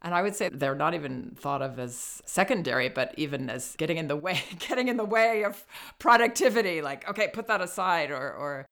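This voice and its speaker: Low-voiced woman podcast host. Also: expressive, brisk, a bit bright. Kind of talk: podcast conversation.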